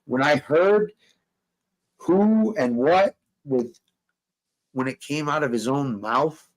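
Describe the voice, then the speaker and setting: A man's voice: on the high side, slow, rough recording. A man hosting a casual talk stream, profane and emphatic, repeating himself as he vents. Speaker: show host. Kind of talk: heated casual chat.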